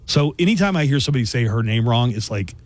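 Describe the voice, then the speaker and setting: Radio host guy, lively swoopy voice, joking around in the studio. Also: mid-range voice, fast talker. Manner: joking, animated, teasing. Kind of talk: casual chat.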